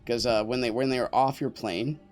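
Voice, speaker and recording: Soft music plays behind a young man's medium-pitched voice, which moves fairly quickly with fairly even intonation. He rambles and jokes casually with his stream chat and teammates as he plays.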